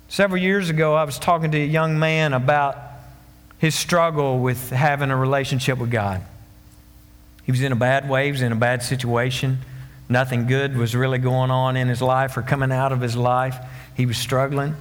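A pastor giving a sermon in an animated preaching manner, sometimes acting out the voices of scoffers. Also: male voice, medium pitch, moderate pace, in a large hall.

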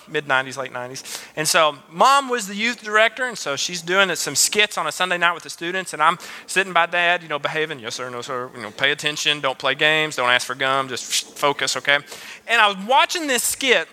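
A man in his late twenties giving a youth sermon, his high voice sharp and very bright. He talks casually, cracking jokes and throwing in playful asides between scripture readings. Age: late 20s. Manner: joking, conversational, playful asides. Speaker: youth pastor.

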